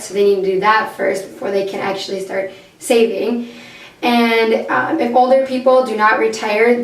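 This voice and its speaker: Young woman, student presenter, voice going, distant echoey room. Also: mid-range voice. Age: young adult. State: losing her voice. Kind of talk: class presentation. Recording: echoey room, far from the mic, faint noise.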